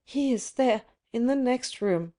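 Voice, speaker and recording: A woman reader voicing a proud, imperious young aristocratic woman in an audiobook, speaking in a raised, sharp voice. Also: a little high, animated, a little slow, pitched above the performer's own voice. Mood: urgent. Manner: imperious, indignant questioning.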